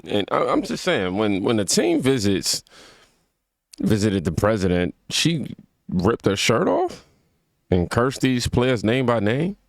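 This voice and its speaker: A man with a very low voice hosts a casual reaction commentary. He talks loosely and informally. The sound is dry and close. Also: no room sound. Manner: reads scripture aloud, then talks loosely and informally. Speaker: commentary video host.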